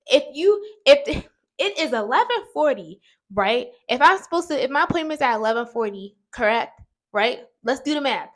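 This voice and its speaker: A young woman vlogger telling an exasperated, animated story to her viewers while doing her makeup. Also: high voice. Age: young adult.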